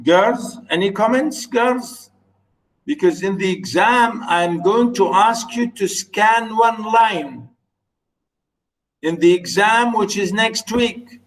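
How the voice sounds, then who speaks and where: A man's voice: sits high, animated, slow, rough recording. A male teacher giving an online literature lesson, patiently repeating words and chanting stress patterns.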